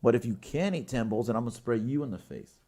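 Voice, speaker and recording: A man's voice: medium pitch, lively intonation, fast talker, warm tone. A man hosting a podcast, telling a long rambling story in casual chat, swearing often and laughing mid-sentence. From Washington State, US. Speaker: podcast host. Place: podcast studio with guests.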